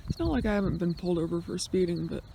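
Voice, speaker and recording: A man's voice: high voice, expressive, very fast, gravelly. A man vlogging on a road trip, chatting casually to a handheld phone at an outdoor forest campsite, rambling and trailing off as he talks. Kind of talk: casual chat to camera. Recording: wind-buffeted outdoor phone audio. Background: wind and crickets.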